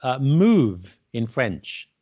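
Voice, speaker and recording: A man's voice: mid-range voice, big pitch swings, drawn-out words, warm tone, slightly rough, highs cut off. A man hosting a casual podcast chat, quizzing his guest on word origins with playful, teasing repeats. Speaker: podcast host.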